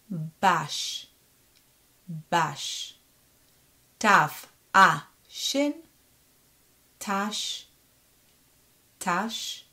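A woman's voice: medium pitch, pushed and bright. A woman teaching a reading lesson, patiently sounding out syllables and repeating each one. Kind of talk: slow step-by-step reading lesson.

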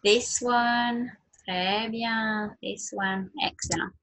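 A woman teacher giving a slow nursery language lesson, modelling words in a sing-song way for small children to repeat. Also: a little high, fairly even intonation, a bit bright. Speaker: French teacher.

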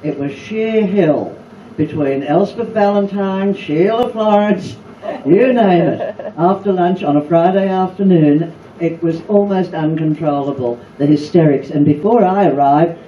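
A woman's voice: lowish voice, unhurried, slight background noise. An older Australian woman telling wry stories about her acting days at a fan luncheon. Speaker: former cast member on a panel. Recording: echoey room, far-off mic, dull sound.

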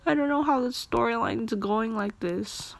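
A woman casually reacting and commenting, with expressive exclamations, while she plays a story game. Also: a little high, unhurried, vocal fry. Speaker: story game player and narrator.

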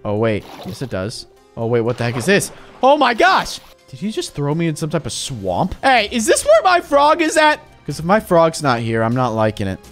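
Excitable high-pitched gaming YouTuber man. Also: moderate pace, soft background music. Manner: excitable, loud yelps and squeals. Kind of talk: let's play commentary.

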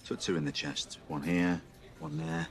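A blunt, sardonic debt collector who swears freely and needles his partner. The voice sits fairly low. It is film drama dialogue with a sulky, wry edge. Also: very animated, measured pace, creaky, heavily acted.

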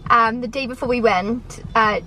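A young woman from the UK hosting a casual chat. She is chatty and quick to laugh along. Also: on the high side, steady tone, sharp tone, slight background noise, low-quality recording. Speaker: host. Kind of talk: casual conversation.

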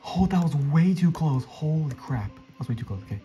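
A man commenting casually on his gameplay, excitable and flustered, often talking to the other players. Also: a little high, brisk, muffled recording. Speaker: gameplay streamer. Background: faint game music.

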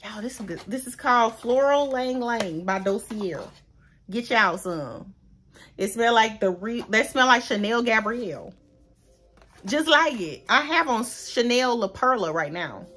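A woman's voice: on the high side, expressive, a little slow, fairly bright tone. A woman vlogger talking straight to her viewers in a casual, heartfelt way, chatty and calling them y'all. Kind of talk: casual vlog talk to viewers.

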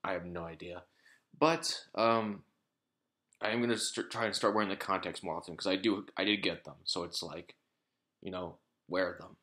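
A man's voice: sits low, steady tone, normal speed, bright, forceful tone. A man talking casually to his vlog audience in a rambling way, with lots of fillers, restarts and swearing. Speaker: vlogger.

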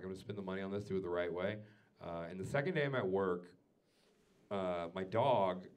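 A man doing a stand-up comedy set, telling a story with lots of swearing and swinging from quiet asides to loud rants. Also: on the low side. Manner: swears freely. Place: comedy club stage before a live audience.

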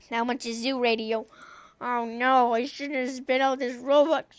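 A woman hosting a gaming channel, giving excitable let's-play commentary and talking to herself as she plays, shrieking whenever she loses. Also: on the high side, no room sound. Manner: excitable, talks to herself while playing, shrieks when killed.

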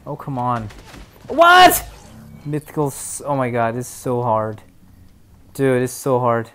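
A young man giving excitable, chatty commentary while streaming a shooter game, dropping to mumbles and then bursting out loud. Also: medium pitch, moderate pace, slight background noise. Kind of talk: live gameplay commentary.

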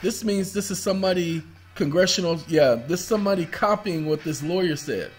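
A man's voice: high-pitched, brisk, soft background music. A man hosting his own video, rambling casually through documents on his screen, addressing viewers as y'all and breaking into bits of song. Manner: rambling, talks to viewers as y'all, sings snatches of songs. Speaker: video host. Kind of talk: casual screen-share commentary.

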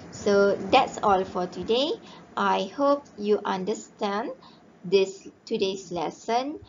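A woman teaching a recorded primary-school English grammar lesson, slowly spelling out words letter by letter. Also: mid-range voice, a little hiss or hum. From Malaysia. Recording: dull lo-fi home recording.

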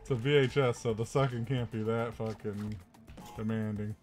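A man's voice: on the low side, fairly even intonation, moderate pace, darkish tone, soft background music. A man in casual gaming chat, making dry, sarcastic and crude remarks. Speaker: let's play co-host.

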